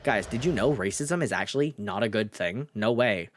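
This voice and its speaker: A man's voice: fairly low pitch, lively intonation, normal speed, a little hiss or hum. A man streaming a video game, giving wry, sarcastic casual commentary. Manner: wry, sarcastic, swears freely.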